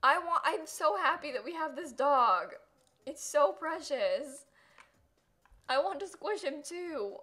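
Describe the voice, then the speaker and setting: A woman's voice: sits high, animated, normal speed, hardly any pauses, sharp tone. A young woman streaming a life-sim game, chatting casually, gushing and giggling over her pets and thanking viewers. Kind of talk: casual livestream gameplay chat.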